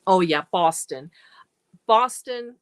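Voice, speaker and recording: Lady chatting slowly on a crochet livestream, rambly, laughs a lot. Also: lowish voice, lively intonation, clear, resonant tone. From Germany. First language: German. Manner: chatty, rambling, laughs often, reads and answers comments. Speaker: crochet channel host. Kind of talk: casual live-stream chat with viewers.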